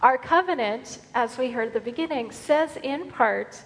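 A woman's voice: sits high, expressive, moderate pace, few pauses. A woman minister giving an earnest, conversational sermon to her congregation. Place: church sanctuary. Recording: long hall reverb.

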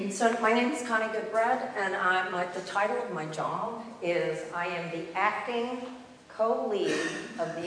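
A woman's voice: medium pitch, slight background noise. A woman giving an earnest, emphatic sermon in a church, repeating key phrases. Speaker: congregational life staff leader. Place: church sanctuary. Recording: echoey hall, distant mic.

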